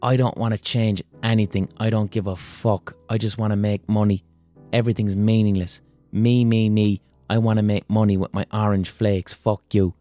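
A man's voice: lowish voice, flat delivery, moderate pace, dark tone, dry recording, soft background music, close to an everyday voice. A man voicing a greedy, cynical male businessman who talks bluntly and dismissively.

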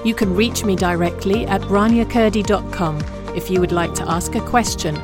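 A woman's voice: mid-range voice, normal speed, over music. A woman podcast host performing a dramatic spoken-word recitation, delivering a long, rhythmic list of insistent commands.

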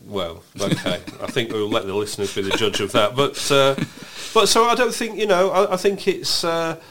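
A man's voice: mid-range voice, moderate pace, a bit bright. A man co-hosting a casual political chat podcast, musing with frequent restarts and rhetorical questions. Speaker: podcast co-host.

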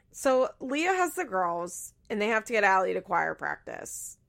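Lively chatty woman with vocal fry. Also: medium pitch, unhurried. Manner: chatty, swears freely, frequent laughter. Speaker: podcast host. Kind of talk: casual reality-TV recap.

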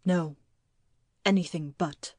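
A bitter grown son who speaks low and clipped, with a grim, resentful edge as a woman reads his part. His longer speeches come out in quick, tight bursts, and the recording is dry and close. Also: fairly even intonation, a little mellow, husky, dry recording.

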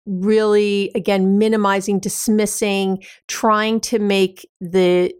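A woman's voice: mid-range voice, clear, resonant tone, dry recording, studio quality. A woman hosting an advice podcast, explaining in a casual, conversational way with everyday examples and frequent fillers. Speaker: podcast host.

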